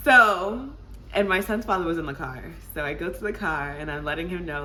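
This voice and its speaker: A woman in her twenties, vlogging, tells her viewers a casual story, laughing, animated, and calling them "y'all." Her voice is on the low side and she talks a little fast.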